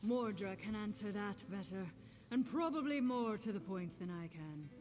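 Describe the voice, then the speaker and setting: A woman's voice: medium pitch, animated, moderate pace, darkish tone, close to an everyday voice. An actress playing a friendly, persuasive Nord adventurer woman in a video game, with a mixed Celtic-sounding accent. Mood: recruiting. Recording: game audio with long reverb and faint music.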